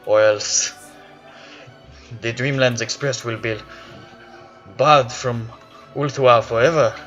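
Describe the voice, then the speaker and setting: A man's voice: medium pitch, fairly even intonation, takes it slowly, fairly bright tone, muffled recording, soft background music. A man voicing a flustered, formal train conductor in a tabletop game. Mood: worried. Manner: fretful, formal.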